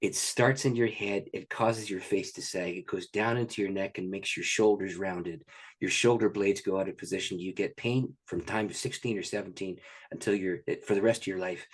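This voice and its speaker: A man voicing a solemn visiting male preacher in a story he tells during an interview, speaking with urgency and then slowly and quietly. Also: deep voice, steady tone, breathy edge. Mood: hushed.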